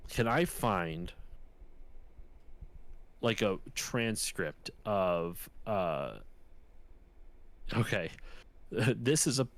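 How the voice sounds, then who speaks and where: Casual young male co-host, lowish voice, rambly storyteller who cuts himself off mid-sentence. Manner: rambling, self-interrupting storyteller. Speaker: podcast co-host. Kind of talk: casual chat.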